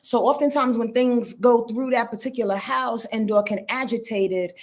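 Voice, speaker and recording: Slightly high-pitched and speaking at a moderate pace, this astrologer runs a relaxed livestream. She chats loosely, curses, and addresses her audience directly as y'all.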